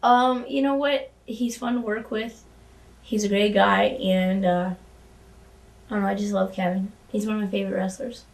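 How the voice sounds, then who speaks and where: A woman speaks in a candid, casual interview, her voice gravelly with creak. She talks in halting bursts, restarting sentences and swearing freely. She sits a little back from the microphone. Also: mid-range voice, fairly even intonation, far from the mic. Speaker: former wrestling valet, interview guest.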